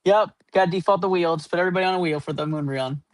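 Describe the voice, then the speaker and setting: A man's voice: high-pitched, rapid-fire, no echo. Upbeat man tallying points on a live stream. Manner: running tally of numbers, upbeat hype. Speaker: host. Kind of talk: live card-opening stream commentary.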